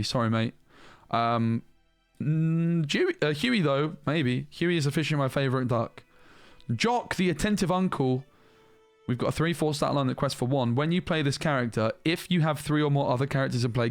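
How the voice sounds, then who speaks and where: A man giving casual, animated commentary as he reviews trading cards, thinking aloud and restarting sentences as he goes. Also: medium pitch, dry recording. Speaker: card game reviewer.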